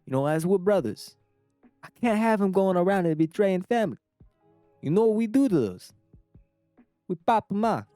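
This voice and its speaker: A man voicing a brash teenage ninja boy with a put-on Italian-American mobster accent, loud and boastful. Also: high-pitched, sing-song, normal speed, long pauses, no echo, faint music behind, pitched above the performer's own voice.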